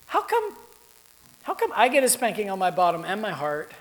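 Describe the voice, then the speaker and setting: A man's voice: high-pitched, wildly swooping pitch, normal speed, in a large hall, voice pushed up. A man quoting his tender-hearted little son, voicing a curious, earnest small boy who keeps asking questions. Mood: indignant. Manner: eager, questioning.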